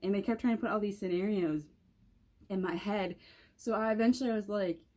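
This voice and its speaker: A woman's voice: medium pitch, a little fast, warm tone. A young woman telling a casual storytime vlog, rambling with lots of "like" and restarts. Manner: rambling, many "like" fillers and restarts. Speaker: vlogger.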